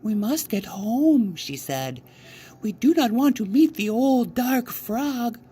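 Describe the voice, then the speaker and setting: A man putting on a shrill, high-pitched mother frog from a storybook, fretful and urgent. Her voice rises sharply with worry, and the phrasing is slow and drawn out. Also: animated, warm tone, husky, heavily acted. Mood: worried. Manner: anxious, urgent.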